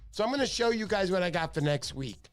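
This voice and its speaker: A man's voice: high-pitched, lively intonation, quick pace, soft background music. A middle-aged man hosting a fishing channel livestream, chatting casually and joking with viewers.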